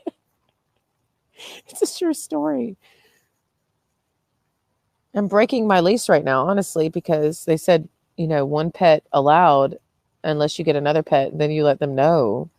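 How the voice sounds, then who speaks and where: Low-voiced young woman vlogging casually. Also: darkish tone, dry recording. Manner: chatty, swears freely, laughs often mid-sentence. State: tired with a headache. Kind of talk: casual rambling vlog.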